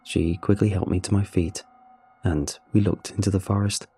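A young man narrating a first-person horror story in a somber, measured, confessional way. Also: deep voice, little pitch movement, warm tone, slightly rough. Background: faint music.

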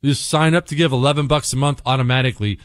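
Talking very fast, this young adult radio host rants emphatically and sarcastically, hammering punchy lines over and over in an opinionated monologue. His medium-pitched voice keeps a fairly even intonation. The studio sound is clean, with no room sound.

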